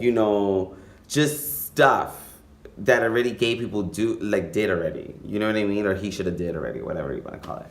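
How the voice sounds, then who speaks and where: Casual vlogger, male, campy and animated, fairly low voice, echoey room. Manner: campy, animated, breaks into high-pitched playful voices; switches between English and Spanish phrases. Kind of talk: casual storytelling vlog.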